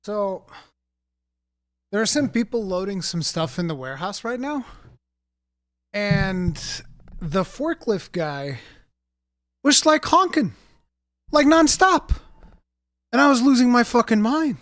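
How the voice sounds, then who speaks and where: A man chatting casually on a game stream, animated and swearing freely, talking into a desk mic. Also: sits high, takes it slowly, pauses often, no room sound, clean studio sound. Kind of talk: casual live-stream chat.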